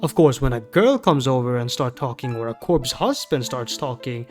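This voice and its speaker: A man's voice: mid-range voice, lively intonation, normal speed, soft background music. A man ranting in a rambling, profane and exasperated way, giving commentary as a gaming YouTuber.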